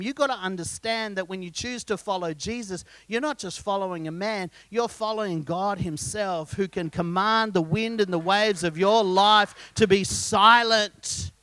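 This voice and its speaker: A pastor delivers his sermon in a high, bright man's voice that sounds crisp and close. He tells the story with humour and keeps asking the congregation questions. The sound is dry, with almost no room around it. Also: dry recording. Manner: lively storyteller, jokes and quizzes the congregation.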